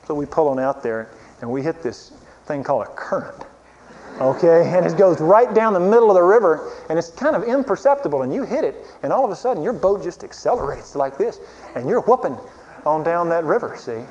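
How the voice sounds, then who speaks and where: A man preaching a sermon, telling a lively story and chuckling as he goes. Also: fairly high pitch, a little fast. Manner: lively storyteller, chuckling through his anecdote. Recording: dull lo-fi recording with faint hiss.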